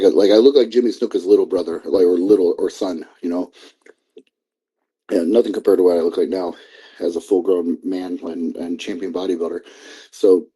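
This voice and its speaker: A man's voice: on the low side, warm tone, husky. A middle-aged man as an interview guest, telling stories casually, swearing freely and acting out the dialogue. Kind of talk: casual storytelling.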